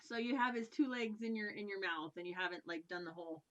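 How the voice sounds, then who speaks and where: A woman running a tabletop game as game master, narrating haltingly with many fillers. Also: mid-range voice, highs cut off.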